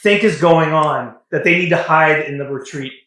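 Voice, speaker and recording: A man's voice: a little high, normal speed, fairly bright tone. A man co-hosting a casual film discussion, asking questions and pushing back. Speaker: podcast co-host. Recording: echoey room.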